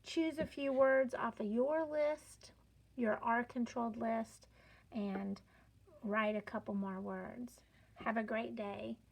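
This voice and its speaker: A woman teaching a children's phonics lesson, spelling out sounds slowly and clearly with playful, encouraging emphasis. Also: on the high side, steady tone.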